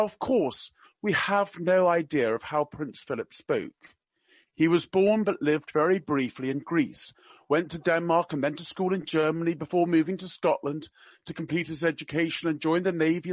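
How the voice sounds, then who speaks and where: A man with a slight RP accent reading a prepared commentary in a measured, wry, deliberate way. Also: on the high side, no room sound, dull audio. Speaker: podcast regular.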